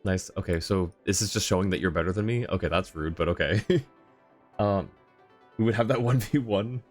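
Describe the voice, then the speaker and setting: A man's voice: deep voice, normal speed, faint music behind. A man streaming a game in casual chat, effusively thanking viewers and laughing often. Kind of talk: casual live-stream chat while gaming.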